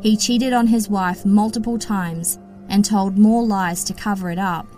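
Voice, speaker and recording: A woman hosts a true-crime podcast, telling the case in a steady, matter-of-fact scripted narration. Her voice sits at a middle pitch, with soft music faintly behind it. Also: a little slow. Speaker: podcast host.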